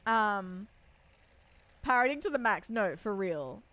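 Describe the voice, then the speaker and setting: A woman from Australia with a soft Australian accent, chatting casually with her viewers while streaming a game. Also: medium pitch, lively intonation, slow pace, no echo. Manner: chatty storyteller, talks to her chat by name. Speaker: livestreamer.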